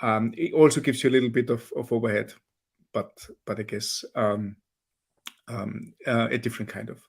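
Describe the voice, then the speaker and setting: Hoarse guy hosting an online meetup, gravelly, lots of ums, video call. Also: medium pitch, steady tone, moderate pace. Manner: chatty, hesitant, many ums and restarts. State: hoarse, losing his voice. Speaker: meetup host moderating Q&A.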